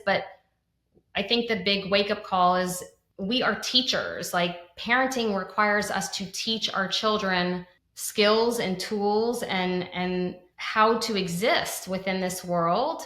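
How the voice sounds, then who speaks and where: An earnest woman in her thirties talks through her views as a podcast co-host, often restarting her sentences and reaching for "like". Her voice sits at an ordinary middle pitch. The room around her is noticeably roomy and echoey. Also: slow pace, sharp tone. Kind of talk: conversational podcast discussion. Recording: roomy echo.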